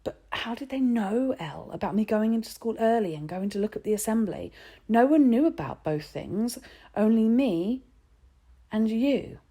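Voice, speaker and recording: A woman's voice: fairly high pitch, expressive, normal speed, warm tone, breathy edge, pitched above the performer's own voice. A woman voicing a scared, anxious younger boy who pleads as if close to tears in a storybook reading.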